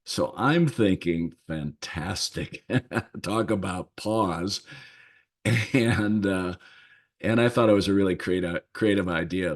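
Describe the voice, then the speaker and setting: A man with a fairly low voice hosts a short leadership podcast and tells a story from his work. He speaks very slowly and lets his pauses sit. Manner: unhurried, thoughtful, lingers on pauses. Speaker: leadership coach and podcast host.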